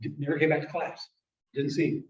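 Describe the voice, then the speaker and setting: Speaking in a fairly high, level voice, a man tells a personal story to an audience during a presentation, halting, repeating words, and acting out the people he quotes, sometimes with emotion. The recording sounds distant and dull, lo-fi with a slight hiss or hum.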